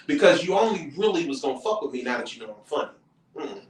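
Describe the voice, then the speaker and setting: Male comic host, slightly high voice, animated and profane storyteller, distant mic in an echoey room. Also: quick pace. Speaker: comedian and show host. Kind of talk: casual podcast conversation.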